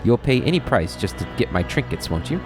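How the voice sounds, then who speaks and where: A man's voice: mid-range voice, big pitch swings, brisk, over music, lightly acted. A man voicing a greedy, haughty male demon lord trapped in a toothy treasure chest, reading his lines in a game. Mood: wheedling. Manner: greedy, wheedling.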